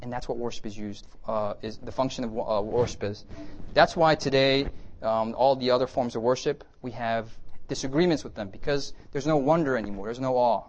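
Man, preacher, conversational sermon lecture, lively, checks in with listeners, medium pitch. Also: fairly quick, dull audio. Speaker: preacher teaching a class.

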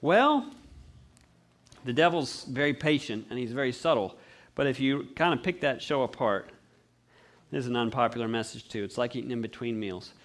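A man's voice: mid-range voice, moderate pace. A man preaching a sermon, telling stories and acting out voices. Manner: animated storyteller acting out voices.

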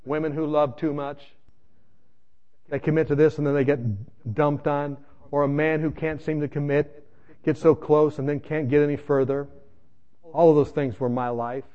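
A man's voice: on the high side, level tone, moderate pace, highs cut off. A man preaching his personal testimony, telling his story in an emphatic way and speaking straight to his listeners. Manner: emphatic storytelling addressing the audience directly. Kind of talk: sermon testimony.

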